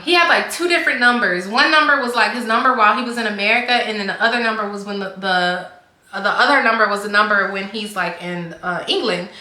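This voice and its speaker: A woman's voice: medium pitch, fast talker, sharp tone. A young woman telling a casual storytime, chatty and rambling, filling her talk with "like". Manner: chatty, rambling, heavy use of "like". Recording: echoey room.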